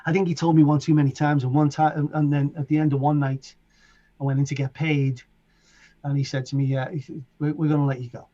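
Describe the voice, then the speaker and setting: A middle-aged man from England with a Liverpool accent, a DJ telling animated stories as an interview guest and acting out voices and sounds. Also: fairly high pitch, fairly quick, dull audio. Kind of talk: casual storytelling.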